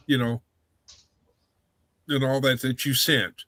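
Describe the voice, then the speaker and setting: A man hosting a casual livestream chat, rambling with halting restarts. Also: mid-range voice, level tone, bright, forceful tone, dry recording.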